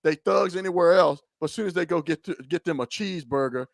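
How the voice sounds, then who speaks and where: A man hosting a political talk show, animated and mocking, often stumbling over his words. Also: a little high, fast, vocal fry, no room sound, studio quality. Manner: animated, mocking, stammering restarts. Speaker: podcast host. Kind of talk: heated political commentary.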